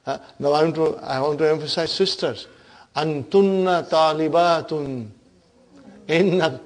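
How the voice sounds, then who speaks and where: A man's voice: on the high side, measured pace. Man teaching an Arabic grammar class. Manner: calls on students, repeats and checks understanding; drills the class in call-and-response.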